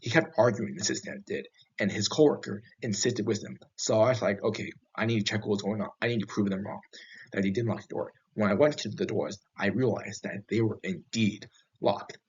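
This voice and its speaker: A man telling first-person horror stories in a halting way, restarting often, with a husky voice. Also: lowish voice, steady tone, darkish tone. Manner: halting, with frequent restarts and fillers. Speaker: horror story narrator. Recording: dull lo-fi recording.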